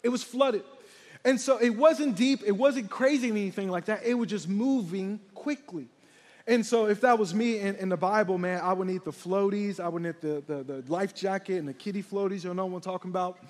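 A young man from Texas preaching a lively sermon as a middle school pastor, energetic and calling out to the congregation. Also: high voice, a little fast. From San Antonio, Texas. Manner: energetic, hype, calls out to the congregation. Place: large church hall. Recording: live church hall with long reverb.

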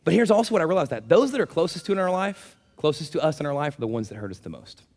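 A man's voice: a little high, sing-song, very fast, darkish tone. A middle-aged man preaching a sermon to a congregation, telling jokey stories and acting out his own reactions. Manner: humorous storytelling with acted asides. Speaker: pastor. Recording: long hall reverb.

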